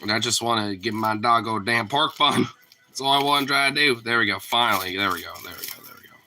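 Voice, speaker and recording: A man's voice: mid-range voice, brisk, bright, forceful tone, slight background noise. A man talking to his dog in a casual vlog, teasing and playful, and swearing freely. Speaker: dog owner.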